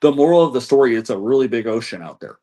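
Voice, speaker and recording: A man's voice: mid-range voice, animated, fast, dark tone. A man being interviewed as an election data analyst, reeling off figures with frequent restarts. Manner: rattles off statistics, frequent restarts. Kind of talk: interview answers.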